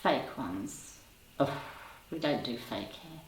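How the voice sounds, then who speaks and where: A woman's voice: a bass voice, lively intonation, slow, slight background noise. A woman in her fifties hosting a casual livestream, chatting and teasing viewers in the chat. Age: 50s. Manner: chatty, teasing, laughs often. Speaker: livestream host reading chat. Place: home room. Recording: roomy sound, voice a bit far from the mic.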